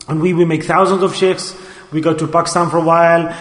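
A man preaching a sermon to a gathering, earnest and pleading, leaning on slow, emphatic repetitions. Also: fairly high pitch, fairly even intonation, a bit bright. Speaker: Sufi preacher. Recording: echoey hall.

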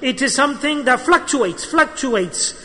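Man with a really high voice telling a story sermon, lively, long reverb in a big hall. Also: unhurried. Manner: animated, acts out dialogue, sprinkles in Arabic religious terms. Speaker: preacher. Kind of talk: storytelling sermon at a religious gathering. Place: gathering hall.

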